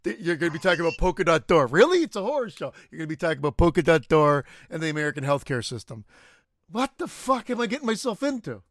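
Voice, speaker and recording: A man co-hosting a podcast in casual chat, animated, swearing and laughing easily. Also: on the high side, quick pace, dry recording, clean studio sound. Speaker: podcast co-host.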